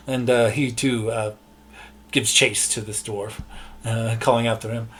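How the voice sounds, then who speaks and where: A man running an online tabletop game as game master, talking in a loose, relaxed way with lots of fillers and restarts. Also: medium pitch, a little slow. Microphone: online session mic.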